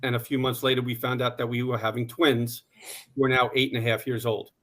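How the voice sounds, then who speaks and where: A man in his forties telling his personal story on a panel in a steady, plain way, with some "uh" fillers. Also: mid-range voice, a little fast. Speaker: conference panelist.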